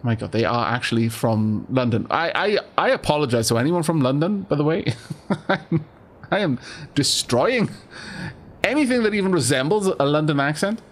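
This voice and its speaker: A man's voice: on the high side, animated, normal speed. A young man casually commentating a game, playful and self-deprecating, stammering through asides. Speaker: let's play host.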